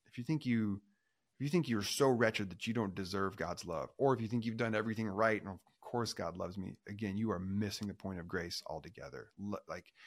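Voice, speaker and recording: A man with a fairly low voice speaks as a pastor guest, retelling a story in easy conversation. He is animated and often restarts his sentences. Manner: animated, acts out quoted voices, self-restarting.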